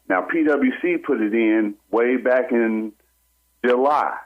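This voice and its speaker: A man calling in to a radio show, telling a personal story in an animated way and acting out what other people said. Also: medium pitch, slow, slight background noise. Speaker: caller. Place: on a phone call into a radio show. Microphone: telephone. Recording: tinny phone line.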